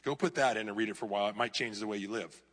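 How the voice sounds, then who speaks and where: Animated male pastor in a reverberant hall. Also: fairly low pitch, very fast, a little hiss or hum. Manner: animated, mocks clickbait headlines in a raised voice. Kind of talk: sermon. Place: church hall.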